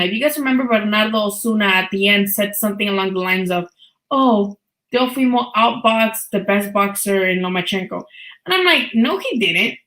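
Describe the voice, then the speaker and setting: A woman's voice: mid-range voice, fairly bright tone, reverberant, rough recording. A woman in her thirties hosting a live boxing talk stream, chatting casually and bluntly, swearing freely and laughing often.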